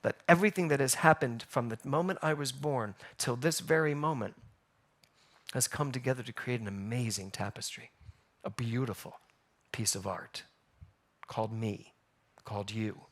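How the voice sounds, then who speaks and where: A man preaching a sermon as pastor, telling stories and asking the congregation questions in a lively way. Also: mid-range voice, moderate pace. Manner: animated storytelling, rhetorical questions. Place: church sanctuary.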